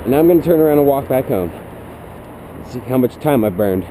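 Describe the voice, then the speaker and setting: Walking suburban streets at night, a teen boy vlogs in a sarcastic, rambling monologue, his medium-pitched voice expressive, dark in tone and a little fast. The head-mounted action cam picks up noisy outdoor sound.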